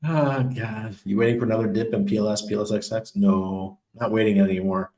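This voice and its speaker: A man's voice: lowish voice, fairly even intonation, a little fast, dark tone. A man hosting a casual crypto livestream, reading viewer comments and answering in a loose, chatty way with lots of ums and laughs. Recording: echoey room.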